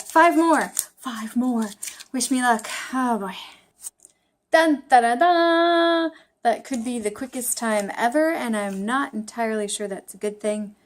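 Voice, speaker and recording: Chatty woman vlogging her study session. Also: medium pitch. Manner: chatty, self-deprecating, thinking aloud with fillers. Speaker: language-learning vlogger. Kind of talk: casual study vlog.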